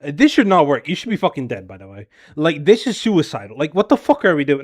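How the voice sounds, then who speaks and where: Male game coach, slightly high voice, exasperated and blunt, swears constantly during the gameplay breakdown. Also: big pitch swings. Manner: blunt, profane, exasperated critique; filler-heavy rapid talk with frequent "bro" and "right?". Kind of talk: casual gameplay review coaching.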